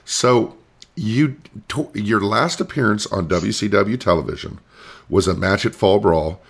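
A man's voice: sits low, slightly rough. A man co-hosting a talk show, steadily recapping topics and setting up questions for his guest. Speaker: co-host and interviewer. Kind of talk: casual interview chat.

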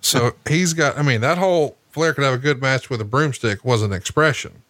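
Bright-voiced man in profane casual talk. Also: mid-range voice, fairly quick, dry recording. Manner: profane, animated storytelling with mocking impressions. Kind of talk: casual podcast chat.

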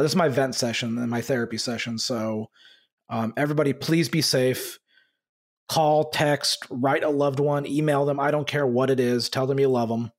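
A man hosting a basketball podcast, talking in an angry, halting way with many fillers and restarts. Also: medium pitch. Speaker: podcast host. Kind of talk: casual podcast talk.

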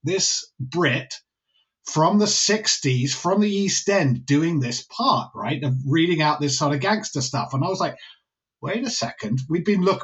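A man's voice: a little high, animated, a little slow, highs cut off. Enthusiastic man telling a story. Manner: enthusiastic storyteller, many restarts. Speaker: film director. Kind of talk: podcast interview anecdote.

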